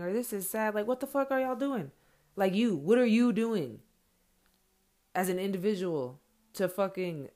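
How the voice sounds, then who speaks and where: Heated, profane middle-aged woman ranting. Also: sits low. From Mexican heritage, raised in America. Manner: profane, heated, confrontational, with sudden loud bursts. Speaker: parent speaking her mind. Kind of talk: angry casual rant.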